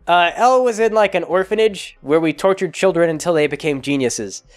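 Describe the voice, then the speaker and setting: A man's voice: fairly high pitch, lively intonation, normal speed, lightly acted. Guy doing a clueless old caretaker, rambling, unsure, basically his normal voice. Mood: hapless.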